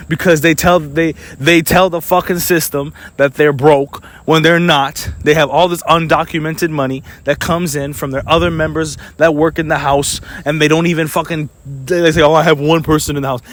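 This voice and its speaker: A man's voice: on the high side, fairly even intonation. A young man ranting in an angry, profane monologue for his vlog, sometimes mocking others in put-on voices. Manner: angry, profane, rapid-fire complaining. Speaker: vlogger.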